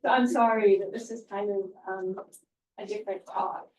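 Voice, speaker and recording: A woman speaking at an academic conference, giving a halting, heartfelt tribute with many fillers, recorded in a lecture room. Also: medium pitch, fairly even intonation, darkish tone. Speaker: invited speaker. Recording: echoey room, distant mic.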